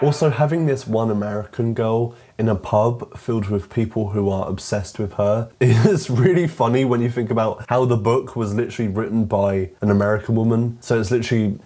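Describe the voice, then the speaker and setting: A young British man with a British accent talks through a film review in a wry, sarcastic, casual manner. His voice sits fairly low and sounds warm and mellow. He keeps dropping in "like" as he rambles along. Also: brisk, hardly any pauses. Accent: British English. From Britain. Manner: sarcastic and wry, with many filler "like"s. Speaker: film commentator. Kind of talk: casual video essay commentary.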